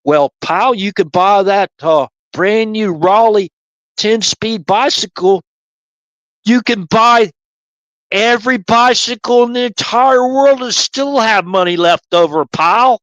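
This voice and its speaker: Brief: blustery male drill sergeant, done by a man, loud, patronizing, higher than his own voice. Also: slow, no echo, dull audio. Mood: blustering. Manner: blustery, barking, condescending "pal".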